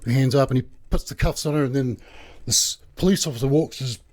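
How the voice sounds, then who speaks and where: A man's voice: medium pitch, a little fast, a little mellow. Man telling a crime story casually. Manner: conversational, rambling narration.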